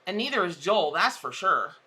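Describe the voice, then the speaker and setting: A woman, a tarot reader chatting casually on a live stream, exclamatory and quick to laugh at her own jokes. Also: fairly low pitch, sing-song, pushed and bright.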